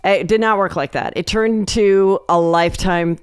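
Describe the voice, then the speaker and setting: A woman comedian chatting as a guest on a podcast, telling animated stories and acting out quotes. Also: fairly low pitch, moderate pace, clear, resonant tone, no echo. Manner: animated storyteller, acts out quotes. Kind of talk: casual podcast chat.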